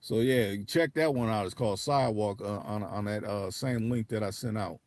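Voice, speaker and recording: A man's voice: on the low side, normal speed, darkish tone, no room sound. A man with an African American English accent hosting a livestream, chatting loosely and profanely with many restarts. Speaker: livestream host. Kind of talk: casual livestream chat.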